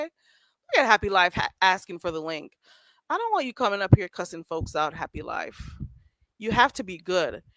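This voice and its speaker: Laughing often, a woman runs a relaxed livestream where she reads the chat and teases viewers by name. She has a fairly high, slightly bright voice, and her streaming mic captures no room sound, though the audio is poor.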